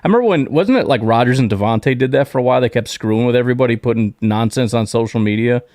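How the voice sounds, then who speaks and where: A man's voice: mid-range voice, very fast, a little mellow, dry recording, studio quality. A young man hosting a podcast in casual sports chat, ranting animatedly and acting out quotes in mock voices. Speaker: podcast host.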